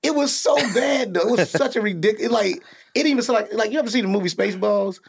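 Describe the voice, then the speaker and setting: A middle-aged man hosting a podcast in casual chat, telling animated, profane stories and laughing often. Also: sits high, quick pace, creaky, slightly rough, no room sound. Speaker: podcast host.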